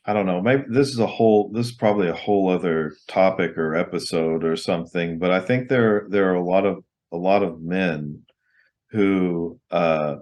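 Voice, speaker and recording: Man, very low voice, hesitant and halting, dry wit; podcast co-host. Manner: halting, restarts often, dry humor. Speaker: co-host and partner. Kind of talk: casual chat.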